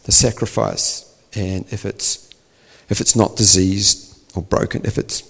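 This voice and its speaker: Gravelly male preacher in a reverberant hall. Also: lowish voice, fairly even intonation, measured pace, a bit bright. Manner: storytelling, acts out dialogue, rising to emphatic peaks. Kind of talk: sermon.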